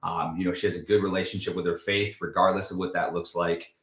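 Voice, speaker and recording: A man's voice: low voice, level tone, quick pace, a bit bright, reverberant. A man talking as a podcast guest in casual chat, emphatic and profane, often saying dude and man.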